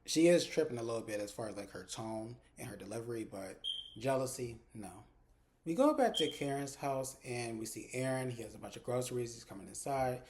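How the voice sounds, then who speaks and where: A man's voice: mid-range voice, lively intonation, brisk, darkish tone, a little hiss or hum. Male recap host, chatty and casual, scene-by-scene retelling, filler-heavy delivery. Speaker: TV episode reviewer.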